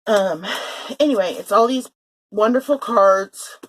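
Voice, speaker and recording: A woman chats through a thrift haul in a loose, rambling way, full of fillers and quick self-corrections. She is recorded indoors at her sewing table on a home camera. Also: mid-range voice, a little hiss or hum, low-quality recording. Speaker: vlogger showing a thrift haul. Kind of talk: casual haul vlog chat. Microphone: handheld or table camera.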